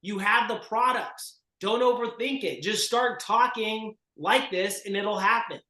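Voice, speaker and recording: A man with a high, bright voice leads a group coaching session for real estate agents. He speaks with force and emphasis and keeps pressing his listeners to act. The room gives his voice a noticeable echo. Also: a little slow.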